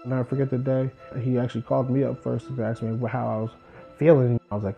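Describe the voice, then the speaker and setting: A New Jersey man in his twenties, once a college football player, looks back on his life and performs the words others said to him in lively voices. His medium-pitched voice is fast and creaky, and the dull-sounding audio has soft music behind it.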